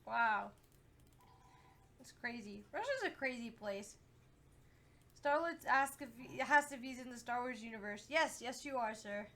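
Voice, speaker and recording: A woman's voice: a little high, measured pace, pauses often, sharp tone, slight background noise. A young woman co-hosting a game livestream, talking easily with lots of fillers and reading viewer comments aloud. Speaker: livestream co-host reading chat. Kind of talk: casual chat.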